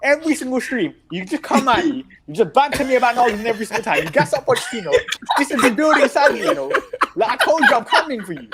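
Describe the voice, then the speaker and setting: A man's voice: very high voice, a loud crowd. A man, arguing football in casual banter on a panel show, defensive and teasing. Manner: animated, defensive, quick teasing retorts.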